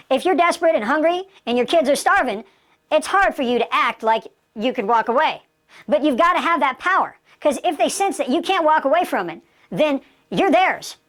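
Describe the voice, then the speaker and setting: A woman instructor giving an emphatic lesson and acting out sample dialogue. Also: on the high side. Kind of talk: instructional talk.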